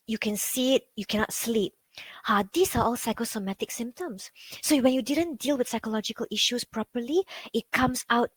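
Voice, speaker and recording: Chatty Malaysian woman coach, fairly high voice. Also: dry recording, low-quality recording. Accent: Malaysian English. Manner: chatty, peppers speech with "like", asks the audience questions. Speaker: psychology coach giving a talk on grief. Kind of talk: conversational online talk.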